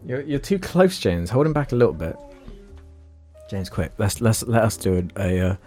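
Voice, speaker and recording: A man's voice: fairly low pitch, very animated, moderate pace, dark tone, soft background music. A young man hosting a casual banter podcast, joking, swearing and often laughing. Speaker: podcast host.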